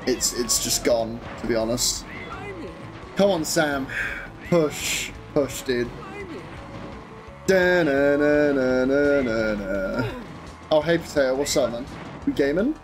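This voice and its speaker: A young man commentating his own live game stream, excitable, swearing and chatting to viewers over game music. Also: medium pitch, a little slow.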